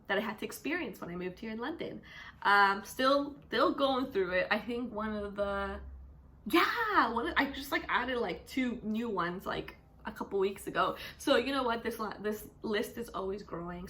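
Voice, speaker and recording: A young woman from Canada chatting casually in a vlog, animated and full of "like" fillers. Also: medium pitch, a little hiss or hum. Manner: chatty, animated, says "like" constantly. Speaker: vlogger; teacher.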